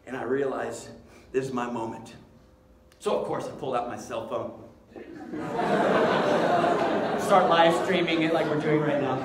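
A man with a high-pitched voice delivers an inspirational talk, telling stories in an animated way and dropping joking asides. He stands back from the microphone in a reverberant school hall, and a faint hiss runs under his voice. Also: far from the mic. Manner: animated storytelling, jokey asides. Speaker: inspirational speaker. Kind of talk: live motivational talk. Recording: echoey hall, speaker away from mic, faint background hiss.

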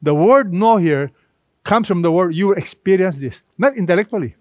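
A man delivers a sermon in a somewhat high voice, leaning hard on repeated phrases and stretching key words with pauses. The sound is close and dry, with little room echo. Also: lively intonation, a little mellow. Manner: emphatic, repetitive preaching with dramatic pauses. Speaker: pastor.

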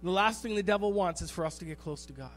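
A man preaching a sermon as pastor in a church, animated and storytelling, repeating phrases for emphasis. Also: high voice, very fast, soft background music. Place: church sanctuary.

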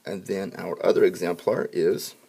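A man teaching a spelling lesson to students, upbeat when addressing the class and dropping to quiet asides while he writes. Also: deep voice, steady tone, normal speed, vocal fry, husky. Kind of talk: classroom instruction video.

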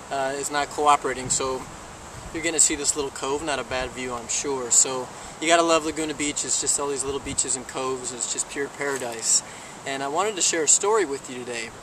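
A man's voice: mid-range voice, brisk. A man vlogging on a beach, telling a joke in a chatty, playful way to a handheld camera. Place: outdoors on a beach. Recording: distant camera mic with outdoor noise.

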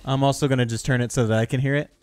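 A man's voice: medium pitch, fairly even intonation, rapid-fire, darkish tone, clean tone, faint music behind. A man streaming live, chatting casually and upbeat with his viewers.

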